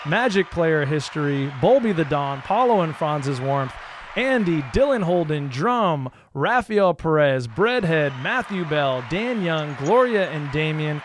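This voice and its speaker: A man co-hosting a podcast, jokey and upbeat, thanking guests and reading out shout-outs. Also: on the high side, slight background noise. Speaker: podcast co-host. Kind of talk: casual podcast chat with sign-offs.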